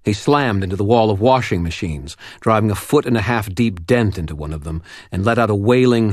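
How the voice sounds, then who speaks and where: A man reading first-person fiction as an audiobook narrator, measured and dramatic. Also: on the low side, animated, darkish tone, no room sound, studio quality.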